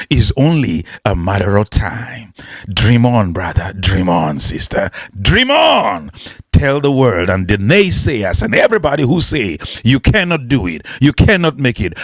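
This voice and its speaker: Emphatic husky male preacher. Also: mid-range voice, no room sound, clean studio sound. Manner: emphatic, repetitive, rhetorical. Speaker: motivational preacher. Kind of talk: preaching motivational storytelling.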